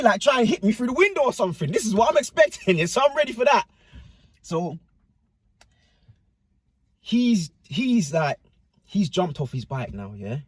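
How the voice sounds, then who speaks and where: A man telling a personal anecdote in a casual, slangy way, often checking in with tag questions. His pitch moves around a lot, and his voice has a slightly husky edge. The sound is close and dry. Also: no room sound. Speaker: storyteller.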